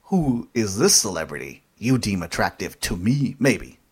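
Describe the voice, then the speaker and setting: A man's voice: on the low side, normal speed, husky. A man co-hosting a podcast in casual chat, playful and joking. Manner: playful, animated. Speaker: podcast co-host.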